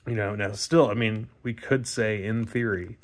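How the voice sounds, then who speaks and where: A card-opening video host comments casually as he opens trading card packs, chatty and laid-back with joking asides. His voice is on the low side, with fairly even intonation and normal speed.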